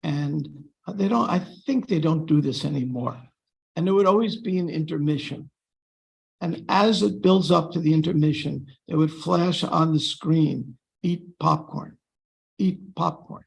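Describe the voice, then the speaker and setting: A man with a slightly high, gravelly voice leads a scripture class. His tone is loose and chatty, full of pauses and fillers, and he slips in dry sarcastic jokes. He talks to the room as if to friends. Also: poor audio. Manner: joking, dryly sarcastic. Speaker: class speaker.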